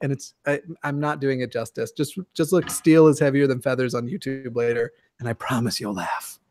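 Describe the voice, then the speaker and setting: A man chatting casually on a video call, joking and self-deprecating, with halting restarts. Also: mid-range voice, steady tone, a little mellow.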